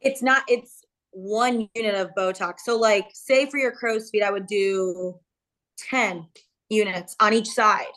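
A woman's voice: mid-range voice, a little slow, a bit bright. Chatty woman explaining injections. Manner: explanatory, hedging, with frequent fillers. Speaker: cosmetic injector guest. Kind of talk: casual podcast chat.

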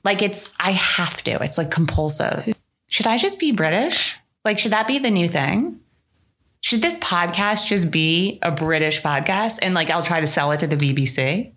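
A woman's voice: on the low side, expressive, moderate pace, a bit bright. A woman hosting a podcast, chatting casually with her best friend in a playful way and laughing often. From New York City. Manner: playful, laughs often, jumps between ideas. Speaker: podcast host. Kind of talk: casual chat between friends.

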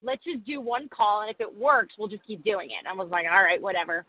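In a podcast interview, a woman who reports on sports talks openly, teases herself, and mimics people she quotes. Her medium-pitched voice is expressive, a little fast, and slightly rough, captured as a dry, phone-quality recording.

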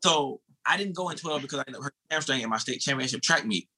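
A man in his thirties from the U.S. tells a race story from his sprinting days at a racing pace, his medium-pitched voice husky. He talks casually and animatedly, cursing and calling the host bro.

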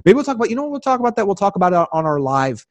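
A man co-hosting a podcast in casual chat, rambling and excitable, often restarting his sentences. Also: sits high, very fast, dry recording. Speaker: podcast co-host.

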